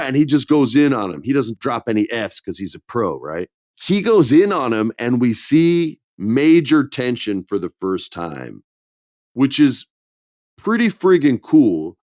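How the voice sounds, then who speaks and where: Man, podcast co-host, casual wrestling recap, very lively pitch, dry close sound. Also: measured pace, no echo. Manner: animated, acts out quotes in shifting voices.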